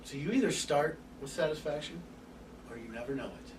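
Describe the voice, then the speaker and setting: A man giving an open forum lecture to a live group, animated and casual, swearing now and then and acting out little scenes. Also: a little high, fairly quick, echoey room. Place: room with an audience. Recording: distant mic with background hiss.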